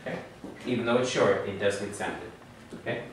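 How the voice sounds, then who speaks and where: A man's voice: on the low side, brisk. A man teaching a Hebrew lesson patiently, drilling the class and checking in with frequent questions. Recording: echoey room from far off, faint hum.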